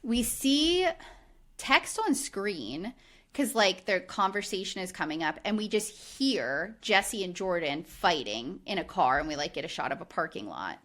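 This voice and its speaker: A woman co-hosts a podcast in a casual recap chat, her lowish voice at a measured pace. She's animated, says "like" frequently, and acts out quoted lines.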